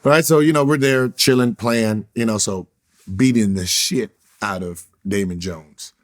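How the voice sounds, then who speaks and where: A man in a casual interview, telling a long story full of swearing. He gets animated and acts out what others said in a raised voice. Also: fairly low pitch, unhurried. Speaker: interview guest, former basketball player.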